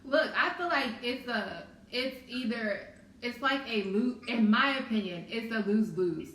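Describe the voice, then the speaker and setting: A woman's voice: on the high side, a little slow, a bit bright, a little hiss or hum. A woman in a casual chat, giving blunt, opinionated takes. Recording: echoey room, a bit far from the mic.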